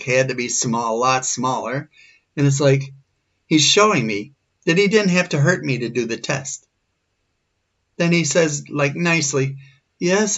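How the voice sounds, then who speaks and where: A man in his forties, shaken and earnest, telling a personal story. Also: medium pitch. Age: 40s. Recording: dull lo-fi recording.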